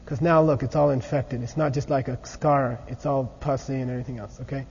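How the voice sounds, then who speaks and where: A man teaching a lively philosophy lecture, acting out examples and constantly checking in with his listeners. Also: medium pitch, fairly quick, breathy edge. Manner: animated, often checks in with 'okay?'. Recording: muffled recording in a large echoey hall.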